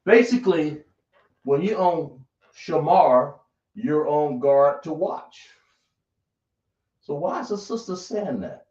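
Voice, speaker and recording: A man leads a class at an unhurried pace, breaking words into sounds and asking his students questions. The recording is roomy and muffled. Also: on the high side, animated, a little mellow. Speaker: teacher. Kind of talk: classroom lesson.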